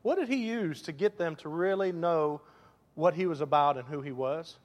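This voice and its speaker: A man preaching a sermon as pastor, lively and joking, drawing the congregation into call and response. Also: a little high, moderate pace, long reverb tail, highs cut off.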